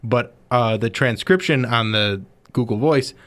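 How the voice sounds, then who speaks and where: A man co-hosting from a radio studio, talking loosely and jokily with his co-host. His humour is dry and deadpan, delivered in an easy, conversational way. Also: medium pitch, measured pace. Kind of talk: casual studio chat.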